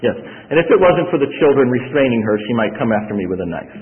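A man preaching a sermon as a visiting preacher, emphatic, with sudden swells and drops in loudness and phrases repeated for effect. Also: mid-range voice, sing-song, fast talker. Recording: echoey hall, tinny phone-like sound.

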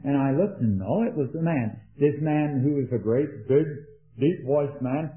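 A man preaching an earnest sermon, rising to emphatic peaks and dropping into quiet anecdotes. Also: mid-range voice, lively intonation, normal speed. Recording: echoey, tinny old sermon recording.

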